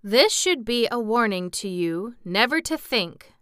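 A woman's voice: medium pitch, sing-song, normal speed, fairly bright tone, clear, resonant tone, no room sound, studio quality, pitched above the performer's own voice. A woman reading a pompous scarecrow king. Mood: lofty. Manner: lofty and reproving.

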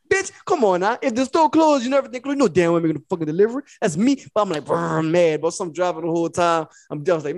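Man, podcast co-host, rapid-fire, profane storyteller, higher voice. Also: no room sound, studio quality. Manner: animated, profane, acts out both sides of the story. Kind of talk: casual storytelling.

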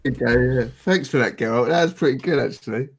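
A man co-hosting a stream, chatting casually and trailing off softly as he rambles. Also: medium pitch, fast, noisy background. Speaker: streamer co-host. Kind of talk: casual chat.

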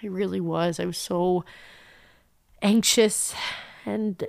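A woman's voice: on the low side, fairly even intonation, takes it slowly, vocal fry. A young woman telling a personal story in an emotional, intense way, her voice climbing when she gets upset.

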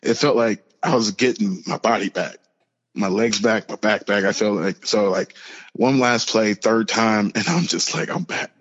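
A young man, a podcast guest, telling a personal story in an earnest, halting way with many fillers and restarts. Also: fairly low pitch, a bit bright. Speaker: podcast guest, pro football player. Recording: lo-fi with long reverb.

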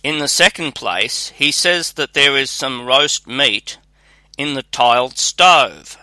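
A man's voice: medium pitch, slow pace, bright, forceful tone, dry recording. A man reading as a sly little peasant.

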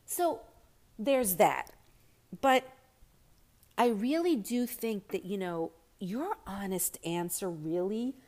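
A woman's voice: mid-range voice, a little mellow. A woman talking candidly and reflectively about personal experience, with many fillers and restarts.

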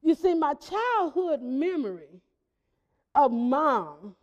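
A woman pastor preaching a sermon, telling stories in a conversational, lively way. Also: high voice, slow, long reverb tail, muffled recording. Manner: conversational storytelling with lively emphasis.

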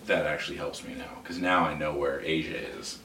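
A man with a low, deep voice chats casually as a church podcast co-host, cracking jokes and laughing as he stumbles through restarts. He sounds far from the mic in a roomy, echoing space, with faint background noise. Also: steady tone. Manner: jokey, laughs often, halting restarts. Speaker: lead pastor, podcast co-host. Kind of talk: casual chat.

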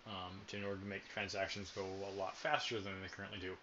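Rambly podcast co-host, man, lowish voice, muffled recording with light noise. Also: flat delivery, fast, sharp tone. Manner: rambling, jokey, trips over words. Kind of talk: casual podcast chat.

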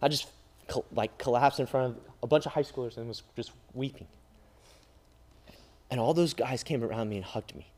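A man preaching an emotional sermon as a youth pastor, swinging between loud cries and hushed, near-whispered lines. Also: mid-range voice, animated, normal speed. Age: adult father.

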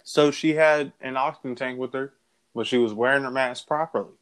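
A man's voice: mid-range voice, a little fast, a bit bright, smooth. Man, casual podcast talk, slangy, easygoing, laughs a lot. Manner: laid-back, slangy, laughs often. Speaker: podcast co-host. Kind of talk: casual chat.

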